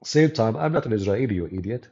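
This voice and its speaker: A man with an Arabic accent, whose first language is Arabic, delivers sarcastic live-stream commentary in a gravelly, mellow voice. He mocks as he talks, in his role as a debater and channel host. The recording sounds dull and lo-fi. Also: fairly low pitch, lively intonation, quick pace. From Arab world. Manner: mocking, sarcastic. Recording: dull lo-fi audio.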